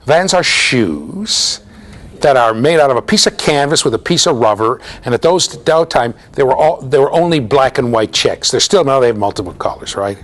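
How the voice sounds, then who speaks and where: A man's voice: mid-range voice, expressive, normal speed. A middle-aged American man giving a university lecture, telling stories with asides to his students. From United States. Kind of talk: storytelling classroom lecture.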